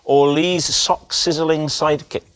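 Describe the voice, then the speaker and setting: A man's voice: a little high, flat delivery, measured pace. A man hosting a comedy panel show, playful and teasing. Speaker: game show host. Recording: studio audience laughter, noisy TV mix.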